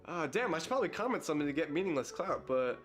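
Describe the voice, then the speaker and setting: A young man acting a comedy sketch, excitably arguing back and forth with himself. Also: a little high, rapid-fire, soft background music.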